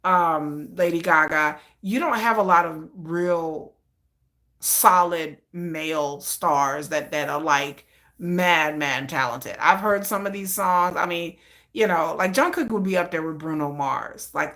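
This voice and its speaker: A woman hosting a live stream, chatting casually and telling stories in an excitable way, often breaking into laughter. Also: low-pitched, a little slow. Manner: animated, excitable storytelling with frequent laughter.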